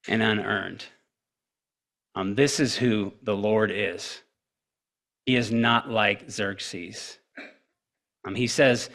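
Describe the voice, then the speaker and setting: A man preaching a sermon in an earnest way, often pausing on fillers and repeating words as he goes. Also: lowish voice, a bit bright.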